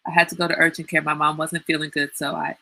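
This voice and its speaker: A woman hosting a casual livestream, telling stories in an animated, teasing way and laughing often. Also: deep voice, quick pace, rough recording. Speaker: livestream host.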